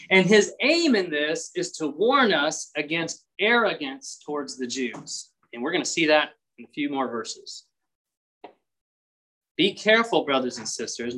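A man's voice: sits high, fairly bright tone, rough recording. A man preaching an expository sermon, reading verses and explaining them in a conversational way, sometimes acting out voices. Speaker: pastor.

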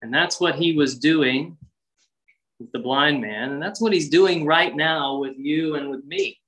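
A male pastor delivers a sermon in a bright, forward voice. He swings his pitch up and down to act out the people he quotes. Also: unhurried, rough recording. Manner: expressive, acts out quotes with shifting pitch.

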